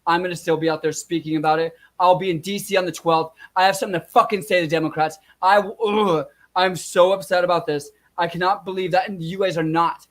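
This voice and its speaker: A young man vents at his viewers in a furious, swearing rant, circling back to the same points. His voice sits high and often jumps up as he shouts. He keeps talking to the audience directly. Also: fairly even intonation, fairly quick. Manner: furious, profane, shouting and repeating himself. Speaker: vlogger. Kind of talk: angry rant to camera.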